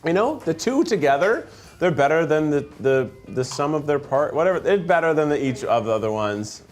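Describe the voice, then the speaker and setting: Animated jokey man tasting food. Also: a little high, soft background music. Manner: jokey, rambling, quick to laugh. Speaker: host. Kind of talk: casual food-tasting chat. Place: studio set with food conveyor belt.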